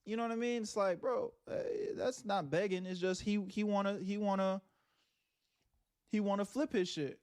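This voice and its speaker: A man's voice: sits high, fairly even intonation, moderate pace, darkish tone, smooth. A man giving laid-back, slangy reaction commentary with laughing asides. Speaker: reaction streamer.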